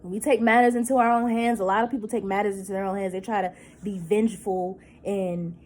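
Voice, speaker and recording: A woman in her thirties vents fast in a personal vlog, her medium-pitched voice steady and darkish even as she holds back tears. She's agitated and profane, repeating herself and restarting words, and the audio is poor.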